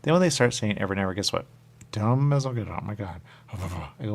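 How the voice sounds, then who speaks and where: A radio host with a very low, rough, gravelly voice delivers a rambling spiritual monologue on a studio mic, animated and a little fast. He loops around loosely, keeps returning to a pet phrase, and jumps into squeaky high voices whenever he quotes other people.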